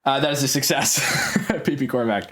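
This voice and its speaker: A man running a tabletop game as game master, narrating action quickly and playfully. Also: mid-range voice, fairly bright tone.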